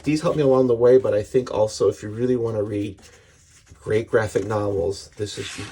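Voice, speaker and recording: A man's voice: fairly low pitch, warm tone, husky. A middle-aged man giving a casual, earnest comics book review, rambling with frequent restarts.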